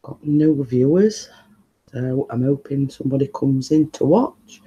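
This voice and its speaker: Soft-spoken man chatting. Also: medium pitch, measured pace, slightly rough, muffled recording. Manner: talking quietly, rambling and chatty. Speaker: live-stream host. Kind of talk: casual live-stream chat with viewers. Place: living room at home, indoors.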